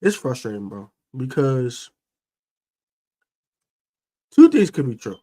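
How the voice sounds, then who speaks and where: A man hosting a fan sports show, ranting in a casual, slangy, animated way about his team. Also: medium pitch, slow. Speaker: sports podcast host. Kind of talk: casual fan commentary rant.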